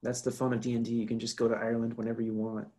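A man's voice: medium pitch, monotone, racing, dark tone. A young American man chatting casually as a guest, wry and joking, his voice often trailing off. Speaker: podcast guest. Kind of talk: casual chat.

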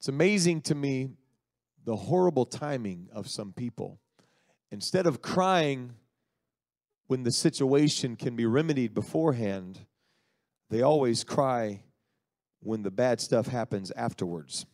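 A man preaching a sermon, retelling a story in an animated, folksy way and acting out the voices. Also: medium pitch, unhurried, pauses often, dry recording, clean studio sound.

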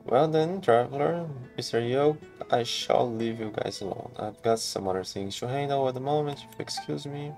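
A man's voice: medium pitch, moderate pace, few pauses, a little mellow, soft background music, lightly acted. A man reading the lines of a busy, polite male knight in a game, in a businesslike tone. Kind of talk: game dialogue read aloud.

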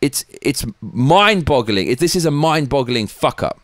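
Angry, profane ranter. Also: male voice, mid-range voice, very animated, a little slow, no echo, studio quality. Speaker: host. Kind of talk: ranting political commentary.

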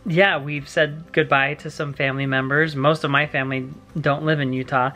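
A man's voice: on the high side, flat delivery, normal speed, soft background music. A young man vlogging with his wife, telling a heartfelt family story in casual chat. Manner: warm, emotional storytelling with laughs.

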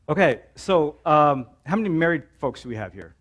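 A man's voice: a little high, animated, moderate pace, hardly any pauses, fairly bright tone. A man in his forties preaching a sermon in a church, telling a story casually with many "um"s and "right?"s. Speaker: pastor.

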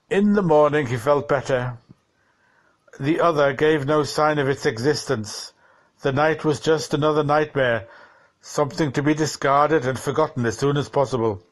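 A man reading a short story aloud in a measured, dramatic audiobook style. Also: mid-range voice. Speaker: narrator. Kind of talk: audiobook narration.

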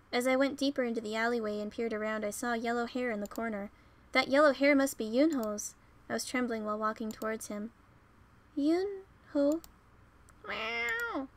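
A woman reading a visual novel aloud, narrating and voicing its dialogue with expressive emotion. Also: a little high. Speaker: let's play host.

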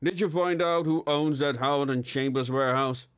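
A man voicing a middle-aged plump police inspector who talks in a deadpan, sardonic way in a steampunk audiobook. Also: medium pitch, normal speed, smooth, close to an everyday voice. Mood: dry. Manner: deadpan, mumbling.

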